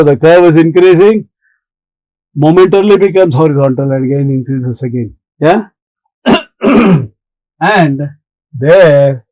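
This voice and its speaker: A male maths teacher works through a problem slowly and deliberately, taking his time over each step. His voice sits a little high for a man. The sound is dry and close, with no room echo. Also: mellow. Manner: slow, deliberate explaining, talks back to imagined students. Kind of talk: recorded maths lesson.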